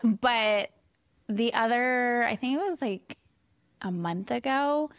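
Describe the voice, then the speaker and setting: A woman's voice: a little high, animated, slow pace, slight background noise. A young woman co-hosting a podcast, telling candid stories in casual chat and laughing often. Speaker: podcast co-host.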